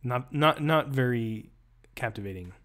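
A man's voice: mid-range voice, animated, a little slow, fairly bright tone. A man, a rhetoric professor, doing a live-streamed close reading, reading passages aloud and breaking off into wry, chatty asides.

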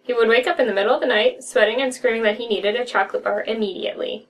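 A young woman reading a horror story aloud with a friend, giggly and quick to riff on jokes. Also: a little high, steady tone, far from the mic, very noisy. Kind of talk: casual reading and chatty reactions. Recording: voice a bit off-mic.

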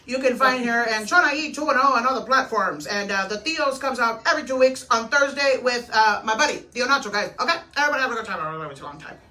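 A woman's voice: fairly high pitch, animated, sharp tone. A woman voicing a drunk, blunt middle-aged uncle with a Mexican accent who mumbles and rambles. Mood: tipsy. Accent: Mexican Spanish. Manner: mumbling, stuttering, fast rambling. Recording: echoey room, mic far off.

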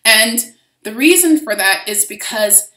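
Woman, spiritual reader, rambling, profane, bright voice, echoey room. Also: a little high, lively intonation, unhurried. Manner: rambling, profane, with frequent restarts. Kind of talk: casual spiritual reading monologue. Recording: roomy echo.

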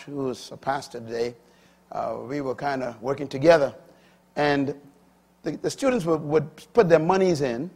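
A middle-aged man preaching a sermon with a husky voice. He swings from loud, emphatic proclamations to quiet asides. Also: medium pitch.

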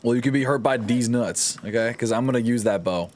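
A man's voice: medium pitch, fairly quick, a little mellow, a little hiss or hum. A man streaming a game live, joking and swearing as he talks to his chat and the game characters.

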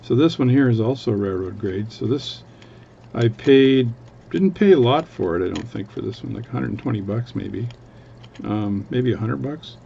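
A man's voice: mid-range voice, expressive, moderate pace, gravelly, dark tone, highs cut off, a little hiss or hum. A man from Canada, a watchmaker, chatting casually at his workbench in a rambling, self-interrupting way. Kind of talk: casual chat.

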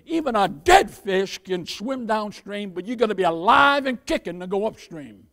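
A man preaching a sermon, his voice pitched unusually high for a man. He preaches with emphasis, turning often to his listeners as "beloved" and asking them for an amen. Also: expressive, normal speed, creaky, fairly bright tone. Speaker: pastor.

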